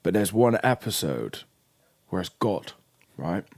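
Young man, casual chat, low voice, lively swearing storyteller. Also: a little slow, creaky, no room sound, clean studio sound.

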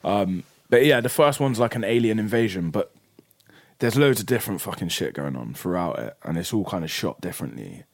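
A young man chatting casually and telling a story in a sweary, animated way. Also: low voice, fairly quick, gravelly, dry recording, studio quality. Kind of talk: casual chat.

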